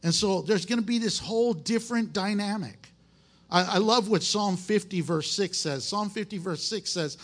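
A man's voice: high-pitched, moderate pace. A man who is a pastor, preaching a conversational, emphatic sermon in a folksy way.

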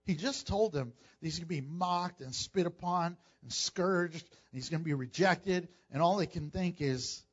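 Male pastor, high lively voice, sermon with acted-out voices, dull muffled recording. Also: unhurried, few pauses, husky. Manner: animated, acts out voices of people in the story, laughs often.

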